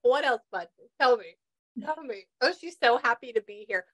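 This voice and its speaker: A woman's voice: a little high, expressive, moderate pace. A woman working as a psychic medium in a casual session, chatty and laughing as she passes on messages.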